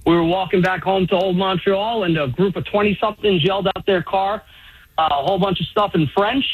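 A man's voice: high voice, steady tone, brisk, narrow, tinny audio. A man in his fifties calling in to a radio show and telling an easygoing story. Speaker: caller.

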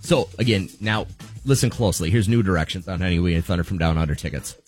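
A man's voice: sits low, fast talker, darkish tone, soft background music. A man co-hosting a morning radio show, explaining a contest with upbeat, repetitive instructions.

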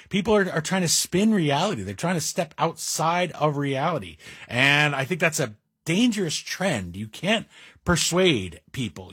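Wry talk-radio host, husky and dry. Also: male voice, on the high side, fairly bright tone, no room sound. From Greek heritage. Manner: wry, self-deprecating, conversational with asides. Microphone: studio mic.

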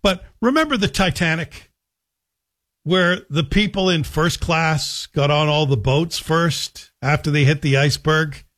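A male talk radio host in a studio with a slightly high voice. He talks in a joking, sarcastic way. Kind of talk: radio monologue.

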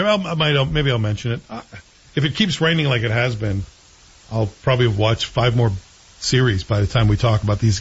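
A man's voice: medium pitch, slightly rough, lo-fi sound. A male host chatting casually and with strong opinions, rambling and correcting himself as he goes. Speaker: show host reviewing TV series. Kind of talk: casual chat.

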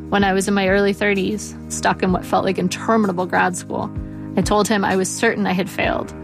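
Woman author in her forties, gravelly, measured and wry first-person essay reading. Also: medium pitch.

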